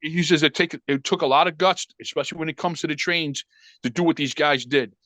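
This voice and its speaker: New guy spinning a yarn, acts out every quote, fairly high voice. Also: a little fast, no echo. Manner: animated storyteller acting out quotes, frequent swearing. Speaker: podcast guest. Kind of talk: casual storytelling.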